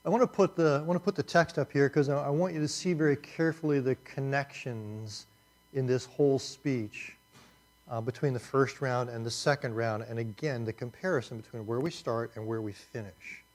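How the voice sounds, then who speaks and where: A man's voice: mid-range voice, fairly even intonation, normal speed, a little mellow. A man teaching a class, talking in a conversational and emphatic way, often repeating himself. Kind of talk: classroom lecture.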